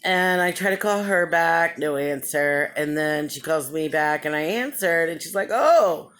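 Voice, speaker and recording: A woman's voice: low voice, moderate pace, fairly bright tone. A woman giving a casual vlog update, telling a story in a rambling, chatty way, often laughing and acting out what others said. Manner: acts out other people's lines in the story. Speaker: vlogger.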